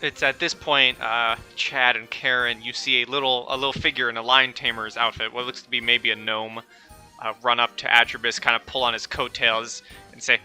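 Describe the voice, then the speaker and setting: A man's voice: medium pitch, level tone, moderate pace, bright, forceful tone, faint music behind. A man narrating and running a tabletop fantasy game in a casual way. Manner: casual, with fillers. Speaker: game master.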